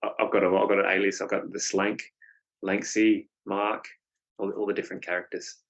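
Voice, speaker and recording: A man hosts a casual podcast conversation. He speaks softly and agreeably, often reflecting aloud. His voice is low and a little husky. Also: level tone, normal speed, dull audio. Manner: soft-spoken, agreeable, reflective. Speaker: podcast host. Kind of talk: casual chat.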